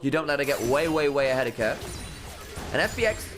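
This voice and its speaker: A man doing jokey, animated play-by-play commentary on an esports match. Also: mid-range voice, moderate pace. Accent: put-on casting accent. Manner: animated, jokey, rising excitedly on big plays. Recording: game music behind the commentary.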